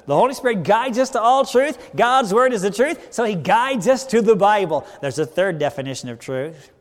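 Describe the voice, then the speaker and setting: Male pastor, fairly high voice, preacherly sermon delivery with wide loudness swings, church hall with long reverb. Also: animated, normal speed. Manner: preacherly, asks the audience questions and answers them, wide swings in loudness. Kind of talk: sermon Bible study.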